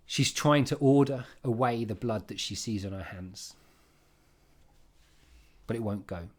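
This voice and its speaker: A man giving an informal, emphatic revision lesson on a play, with quick asides and restarts. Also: lowish voice. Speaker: English literature teacher.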